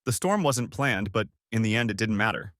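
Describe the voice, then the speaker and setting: A bitter, scheming ex-friend spits out his words with sneering spite, as a man acts him out. The voice is low and dry, recorded close with no room sound. It is read as part of a spoken story. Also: expressive, moderate pace, fairly bright tone, no room sound. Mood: spiteful.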